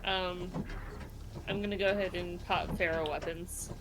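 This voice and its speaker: A woman playing a tabletop role-playing game, unhurried and hesitant as she describes her moves. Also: fairly low pitch, steady tone, background noise. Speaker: player. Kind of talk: casual tabletop game play.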